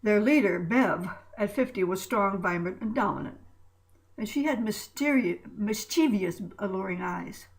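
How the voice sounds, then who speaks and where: A woman's voice: medium pitch, moderate pace, creaky, low-quality recording. A woman narrating a story aloud, reading with small slips and restarts.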